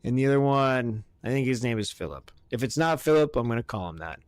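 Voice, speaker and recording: A man co-hosting a casual podcast, rambling and swearing his way through excitable rants. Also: mid-range voice, quick pace, smooth, no echo, studio quality. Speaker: podcast co-host.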